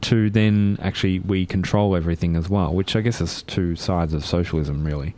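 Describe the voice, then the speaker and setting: A lowish-voiced man hosts a community radio tech segment from the studio mic. He is chatty and relaxed, often pausing on fillers while he thinks. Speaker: radio show host. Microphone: studio microphone.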